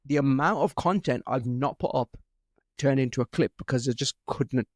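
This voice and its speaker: Young male host, lively and loose, dry close sound. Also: mid-range voice, moderate pace, no echo. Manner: animated, swearing, laughing storyteller. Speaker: podcast host. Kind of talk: casual podcast chat.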